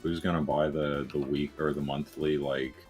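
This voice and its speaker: A man chatting casually while gaming, relaxed and drawn out, with many fillers. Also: very deep voice, normal speed. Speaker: fellow gamer. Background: game music.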